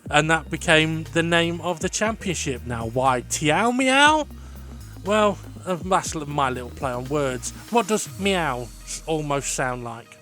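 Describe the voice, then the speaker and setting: An excitable man with a fairly high voice calls sim race results and cracks jokes, talking in a loose, rambling way full of ums. Faint music plays underneath him. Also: measured pace. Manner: excitable, jokey, full of fillers. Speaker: sim racing league host and commentator. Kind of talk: casual race commentary and banter.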